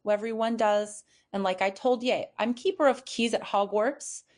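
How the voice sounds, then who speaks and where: A woman's voice: a little high, fairly even intonation, normal speed, a little mellow, natural voice. A woman voicing a huge, blustering male giant groundskeeper in a broad rustic dialect for an audiobook. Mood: gruff.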